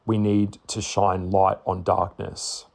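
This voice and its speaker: A man talking bluntly to camera in a casual monologue, swearing freely and stressing his points with slow, repeated words. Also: deep voice, monotone, creaky. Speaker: spiritual vlogger.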